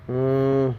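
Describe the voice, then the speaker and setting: A man's voice: medium pitch, gravelly. A man streaming from his phone, talking to himself and to chat while he tries to work out the app's settings. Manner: frustrated, muttering while fiddling with phone settings. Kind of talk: casual live-stream chat.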